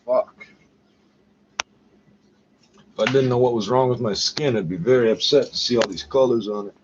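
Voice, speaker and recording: A man's voice: mid-range voice, moderate pace, background noise. Muttering man, lo-fi home recording. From Canada. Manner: rambling, profane, muttering asides ending in "eh?". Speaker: vlogger. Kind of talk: casual rambling monologue.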